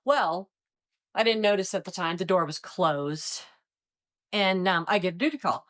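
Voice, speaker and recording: Woman, fifties, from Iowa, retired agent, interview storytelling, slightly low pitch, animated. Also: moderate pace. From Iowa, United States. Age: 50s. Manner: animated, acts out quoted voices. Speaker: retired DEA agent, guest.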